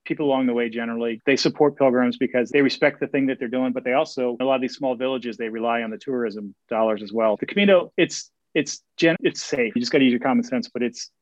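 A man telling stories as an interview guest, eager and quick, often repeating words as he restarts sentences. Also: medium pitch, no room sound. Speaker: guest, Camino walker and author. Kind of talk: casual interview storytelling. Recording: dull, dry lo-fi sound.

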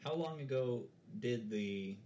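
A man's voice: medium pitch, expressive, takes it slowly, mellow, dull audio, slight background noise. A man playing a tabletop game in casual chat, hesitant with many restarts and dry humor. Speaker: player.

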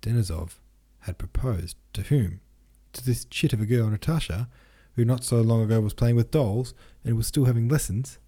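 A man narrating a classic novel in a measured reading. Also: mid-range voice, mellow. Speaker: podcast host, reader. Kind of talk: scripted narration.

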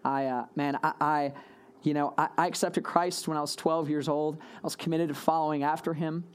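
A man's voice: fairly high pitch, flat delivery, moderate pace, clear, resonant tone. A young adult man preaching a sermon in a casual, storytelling way. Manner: storytelling, acts out dialogue. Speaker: pastor.

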